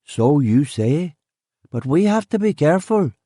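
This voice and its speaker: A man's voice: on the high side, big pitch swings, measured pace, mellow, no echo, clean studio sound, voice pushed up. A male narrator voicing a grizzled old country gamekeeper in an audiobook, blunt and insistent with a rural Northern Irish accent. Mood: stubborn.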